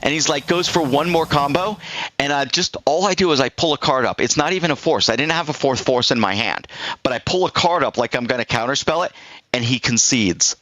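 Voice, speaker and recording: Middle-aged guy streaming, bright forceful voice, dry close sound, rambles through an old story doing both sides of the chat. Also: mid-range voice, brisk, dry recording, rough recording. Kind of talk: casual anecdote on a live stream.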